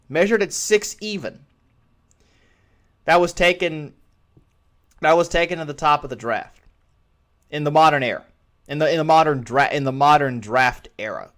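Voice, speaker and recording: A man's voice: fairly high pitch, a bit bright. A man hosting a solo sports talk show, giving his opinions in a rambling way and often restarting phrases. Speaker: podcast host.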